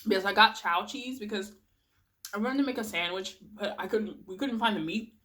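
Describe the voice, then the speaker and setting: A young woman talks to her camera while she eats, rambling about her cooking and dropping soft murmurs between bites. Her voice sits at a middle pitch for a woman, and she breaks into easy giggles as she goes. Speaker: vlogger. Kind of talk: casual mukbang chat.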